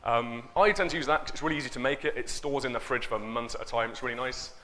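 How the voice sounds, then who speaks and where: Guy rambling through a casual stage talk, lots of ums, jokey, bright sound. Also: medium pitch, fast. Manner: chatty, joking, many fillers. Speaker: conference speaker. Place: conference stage before an audience.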